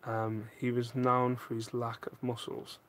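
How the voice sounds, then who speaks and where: A man's voice: medium pitch, completely flat delivery, measured pace, a bit bright. A man casually chatting from his home loft, reading viewer questions aloud and answering with self-mocking jokes. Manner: jokey, self-mocking, reads out comments. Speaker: live stream host answering viewer questions. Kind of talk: casual chat.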